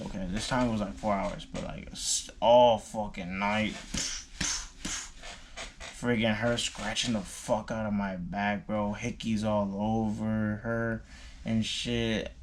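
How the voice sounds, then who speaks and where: In a casual storytime, a young male vlogger recounts something personal, speaking loosely with slang, fillers, and swearing. His voice is fairly low-pitched, with slight background noise.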